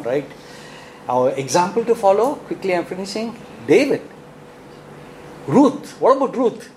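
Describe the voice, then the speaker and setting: A man with an Indian English accent preaches an animated sermon in a high-pitched voice, posing rhetorical questions and frequently adding "right?". The recording is rough with slight background noise.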